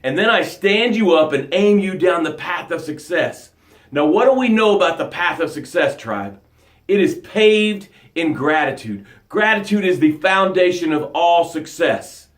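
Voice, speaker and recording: Impassioned high-voiced male success coach. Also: expressive, normal speed, echoey room. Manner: impassioned, rhythmic, repeats key phrases; drops to a soft hushed voice when guiding breaths. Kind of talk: motivational livestream talk. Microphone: webcam broadcast mic.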